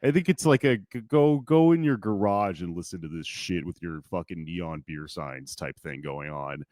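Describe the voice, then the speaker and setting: A man's voice: sits low, normal speed, dry recording, clean studio sound. A man co-hosting a podcast, talking casually in a wry, self-deprecating way. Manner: wry, self-deprecating, swings into loud bursts. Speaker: podcast co-host. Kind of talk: casual chat.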